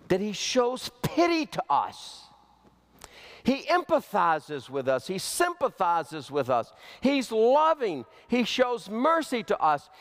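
A man preaching a sermon as pastor, slow and emphatic, with big swings in pitch. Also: fairly bright tone. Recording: long hall reverb.

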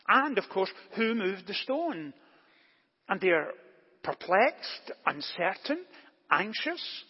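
A husky, high-voiced man delivers a deliberate, emphatic sermon from a church, pressing his points with rhetorical questions. His voice carries a long reverb off the church walls. The recording is dull and lo-fi. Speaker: pastor. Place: church during service.

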